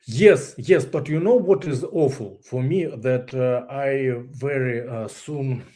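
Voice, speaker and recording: Halting Russian-accented man telling his story. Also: mid-range voice, dark tone. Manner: halting, searches for English words, laughs often. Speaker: guest. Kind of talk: candid personal story.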